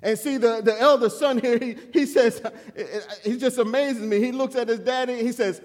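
A man preaching a sermon in a church, animated and humorous, chuckling through personal stories. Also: extremely high pitch, moderate pace, few pauses, in a large hall.

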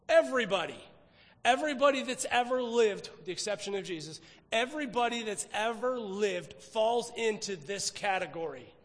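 A man's voice: high voice, a bit bright, long reverb tail. A man preaching a sermon, emphatic, repeating phrases for stress. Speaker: pastor.

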